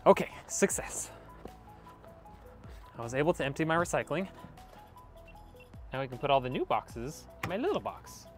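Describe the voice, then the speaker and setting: A man's voice: fairly high pitch, very animated, normal speed, long pauses, faint music behind. A man rambling casually to his viewers while building a PC, a little out of breath, talking on a wireless mic. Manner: rambling, chatty, talks to viewers as y'all. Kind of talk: casual live-stream chat. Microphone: wireless clip-on mic.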